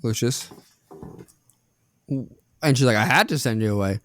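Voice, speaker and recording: A man co-hosting a movie podcast who asks dry, drawn-out rhetorical questions in casual chat. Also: mid-range voice, dry recording. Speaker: podcast co-host.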